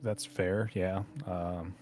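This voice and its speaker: A man's voice: low voice, level tone, slow, darkish tone, soft background music. A young man playing his character at the table, defensive and flustered, stumbling over restarts. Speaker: player.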